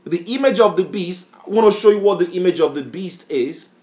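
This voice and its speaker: A man's voice: sits high, animated, brisk, dark tone. A man preaching a bible lesson, emphatic, repeatedly quizzing a reader with questions. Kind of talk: street-style bible teaching sermon.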